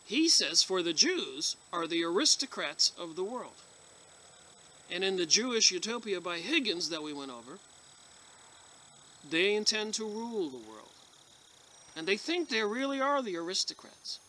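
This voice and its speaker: A man's voice: high-pitched, sing-song, moderate pace, pauses often, pushed and bright. A man, a video blogger, reading passages aloud and commenting on them in an emphatic, emotional way. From United States. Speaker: video blogger reviewing books.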